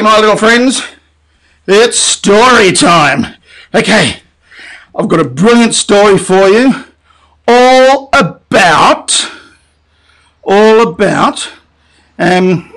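A man's voice: high-pitched, fairly bright tone. A man leading a children's music and story session, talking cheerfully and coaxingly straight to young children.

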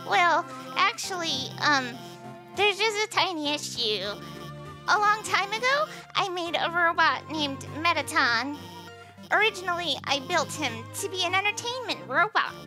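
A woman's voice: very high voice, lively intonation, voice pushed up. A woman voicing Alphys, a nervous, stammering female lizard scientist, over game music. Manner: stammering, halting, apologetic.

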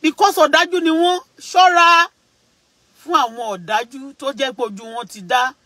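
A man's voice: very high voice, steady tone, normal speed, bright, forceful tone, no echo, rough recording. A man with a Nigerian Yoruba accent, giving an emphatic, repetitive vlog monologue that mixes English and Yoruba. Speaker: vlogger. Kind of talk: preachy casual monologue.

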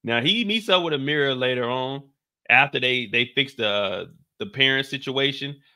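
A man hosting a casual TV recap, animated and slangy, often laughing. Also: medium pitch, moderate pace, dry recording, clean studio sound. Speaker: show recap host. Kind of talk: casual commentary.

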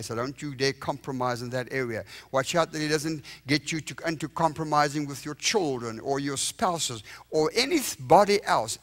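A middle-aged man with a South African accent preaching a revival sermon in a church, lively and joking with the congregation, often checking "all right?". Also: mid-range voice. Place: church sanctuary.

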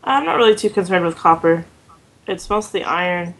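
A woman with an Oklahoman accent, chatting in a relaxed, dry way while gaming with a friend. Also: fairly low pitch, moderate pace, poor audio. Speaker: gamer. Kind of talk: casual let's-play chat.

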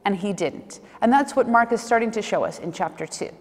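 Lively woman preacher in a reverberant hall. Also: medium pitch, brisk. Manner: vivid storytelling, acts out questions and scenes. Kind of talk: sermon.

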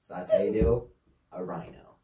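A woman's voice: extremely low pitch, normal speed, dark tone, a little hiss or hum. A woman casually demonstrating sign language signs for a kids' lesson, chatty and easygoing with offhand asides. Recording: echoey room, distant mic.

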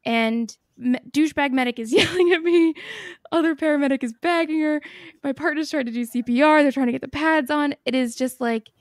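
A fairly high-voiced woman hosts a podcast and tells a story with plenty of swearing and laughter. Her delivery is animated and casual. The recording is dry and close, with no room sound. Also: brisk, no room sound. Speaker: podcast host.

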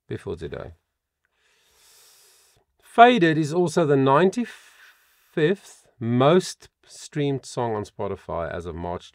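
A man working as a vocal coach, reading out song facts in a reaction video and adding animated comments of his own. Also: mid-range voice, no echo, clean studio sound. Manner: reads song facts aloud with animated asides.

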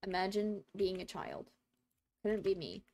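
A woman's voice: medium pitch, measured pace, darkish tone. A young woman in college streaming a game, chatting casually, laughing and answering viewers. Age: young adult. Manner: chatty, laughs a lot, reads chat aloud. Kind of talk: casual gaming stream chat.

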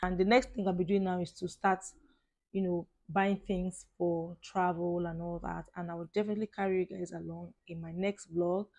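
A Nigerian woman in her thirties vlogs to her viewers in a casual, effusive way, sprinkling in "like" and "guys" constantly. Her voice sits lowish and has a darkish tone, and her delivery is flat at a moderate pace.

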